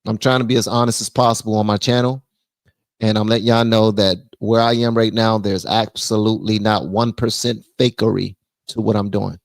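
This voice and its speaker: A man hosting a casual political live stream, blunt and animated, reading viewer messages aloud. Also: lowish voice, brisk, dry recording. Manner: blunt, animated, reads super chats aloud.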